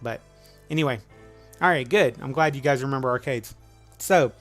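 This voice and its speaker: A man's voice: mid-range voice, normal speed, pauses often, faint music behind. A middle-aged man hosting a casual live trivia stream, rambling and upbeat as he greets viewers by name.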